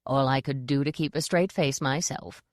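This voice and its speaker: A woman's voice: a bass voice, normal speed, no room sound, studio quality, voice pushed down. A woman voicing a blunt, unflappable old witch who talks in a matter-of-fact way in an audiobook.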